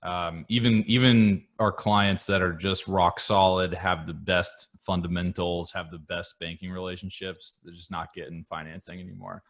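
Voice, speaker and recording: A man, an accountant, speaking in a measured way on a finance panel and often restarting mid-phrase. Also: deep voice, fairly even intonation, fairly bright tone. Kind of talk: panel discussion on a video call.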